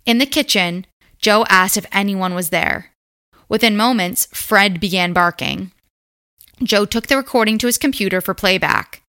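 Woman, podcast co-host, bright voice, casual chat, storytelling. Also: medium pitch, normal speed. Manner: storytelling with swearing and fillers.

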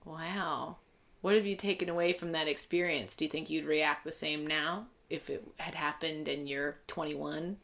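A woman's voice: sits low, fairly even intonation, vocal fry, fairly bright tone. Curious woman hosting a casual chat. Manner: curious, reactive, quick to laugh. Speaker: podcast host.

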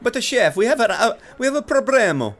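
A man performs a panicky Italian waiter in a comic sketch. He has a thick put-on Italian accent and a loud, high voice that leaps around, and he stumbles along in broken English. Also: very animated, fast talker, exaggerated voice. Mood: frantic.

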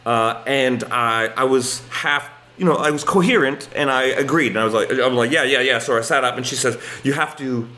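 A man with a bright, forceful voice recounts a mishap as a podcast guest. He tells it with lots of fillers and acts out both sides of the exchange, his voice at a middling pitch. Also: moderate pace, hardly any pauses. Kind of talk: comic storytelling.

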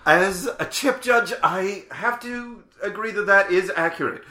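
A man improvising in a tabletop role-play game, exasperated and yelling in bursts. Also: high voice, measured pace, roomy sound. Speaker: player.

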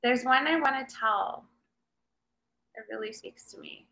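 Slow, bright-voiced laughing woman guest. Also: a little high, vocal fry. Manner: slow, hesitant, laughing often. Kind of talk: casual chat.

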